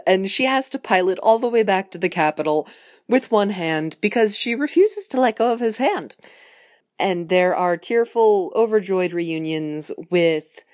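A woman casually telling a story she made up, rambling and filling it with "like" and restarts. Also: on the low side. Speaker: fan storyteller.

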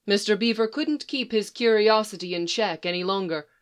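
A woman narrating a storybook in a measured, expressive way. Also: medium pitch, clean tone. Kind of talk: storybook reading.

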